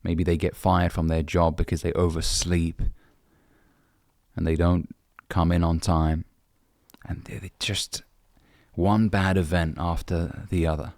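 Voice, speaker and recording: A man's voice: sits low, level tone, measured pace, darkish tone, no room sound, studio quality. A young man from the UK, a dating coach, giving blunt, brotherly advice and swearing casually. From United Kingdom. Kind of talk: direct-to-camera advice talk.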